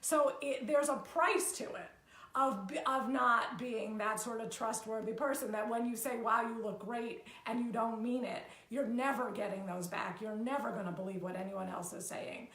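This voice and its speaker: A woman's voice: a little high, moderate pace, fairly bright tone. A woman co-hosting a live talk, candid and laughing easily as she explains her view. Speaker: co-host, coach. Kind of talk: live-streamed casual talk. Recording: echoey room.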